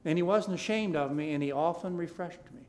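Male preacher, slightly high voice; reads scripture aloud, then preaches with big swings between quiet asides and loud repeated emphasis. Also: brisk. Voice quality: King James scripture read aloud in a rising, forceful cadence. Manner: shifts from soft, low asides to loud, emphatic declamation with repeated phrases. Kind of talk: sermon with scripture reading.

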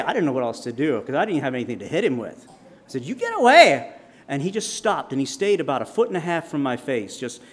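Man telling a sermon story. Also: a little high. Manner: vivid storyteller, dramatic shouts in quotes. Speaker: preacher.

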